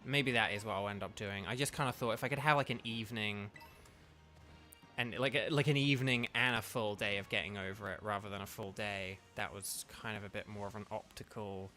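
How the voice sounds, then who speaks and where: A man's voice: lowish voice, steady tone, fairly quick, pushed and bright, soft background music. A man, congested, hosting a let's play with rambling, filler-heavy commentary. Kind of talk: casual game commentary.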